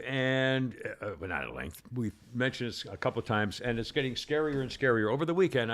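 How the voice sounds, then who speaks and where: A man's voice: medium pitch, a bit bright. A man hosting a talk radio show, rambling through news items and reading stories aloud in casual chat.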